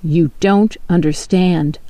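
A woman voicing a stern middle-aged king, a father who speaks in a grave, slow and unyielding way. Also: fairly low pitch, fairly even intonation, warm tone, no room sound, voice pushed down.

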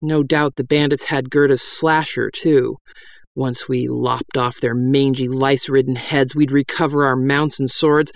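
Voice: medium pitch, no echo. A reader narrating a comic fantasy tale in a dry, wry storytelling style. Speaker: audiobook narrator.

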